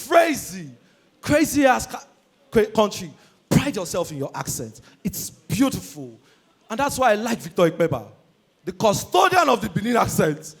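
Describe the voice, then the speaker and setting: High-voiced Nigerian male comedian. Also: normal speed, vocal fry, breathy edge. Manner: animated, shouty, acts out characters. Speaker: stand-up comedian. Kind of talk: stand-up comedy set. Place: stage before a live audience.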